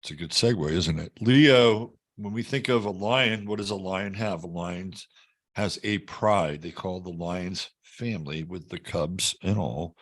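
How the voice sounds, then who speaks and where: A middle-aged man with a low, unhurried voice hosts an astrology show, chatting and joking in a casual livestream style.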